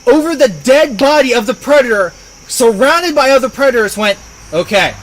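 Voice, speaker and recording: High-voiced man rambling at a game table. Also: normal speed, slight background noise, poor audio. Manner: rambling, enthusiastic tangents. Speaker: player. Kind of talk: casual tabletop game chat.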